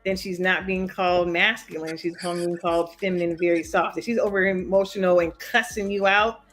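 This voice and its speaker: A woman's voice: fairly low pitch, steady tone, normal speed, fairly bright tone. Firm-spoken woman panelist. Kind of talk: casual podcast debate.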